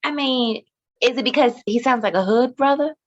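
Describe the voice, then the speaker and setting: A woman co-hosting a casual chat show, measured and reasoning, often putting questions to her partner. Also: a little high, muffled recording, slight background noise. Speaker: podcast co-host.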